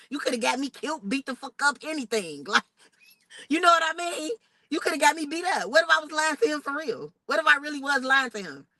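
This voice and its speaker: A young woman, telling a personal story in a casual vlog, animated and expressive. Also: sits high, dry recording, low-quality recording. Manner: animated, expressive retelling with outraged quoted asides. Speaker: vlogger.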